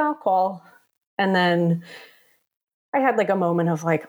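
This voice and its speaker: A woman in her thirties with a slightly low voice tells her own story in a relaxed, chatty way. She fills it with "um" and "like" and briefly acts out the other people's voices as she goes. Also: a little slow. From New York area. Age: 30s. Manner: chatty, many fillers, acts out quoted voices. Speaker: guest telling her story. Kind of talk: casual personal storytelling.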